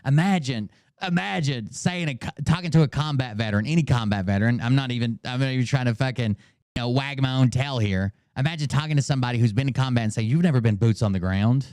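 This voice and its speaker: A man in his thirties hosting a live stream, mocking and swearing, with bursts of shouting. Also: mid-range voice, quick pace, dry recording, studio quality. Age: 30s. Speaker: streamer host. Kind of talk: casual live-stream commentary.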